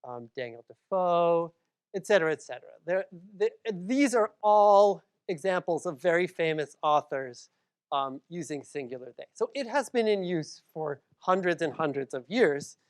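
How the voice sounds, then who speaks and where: A woman's voice: lowish voice, lively intonation, moderate pace. A woman from Massachusetts giving a public library lecture, conversational, with frequent ums and asides to the audience.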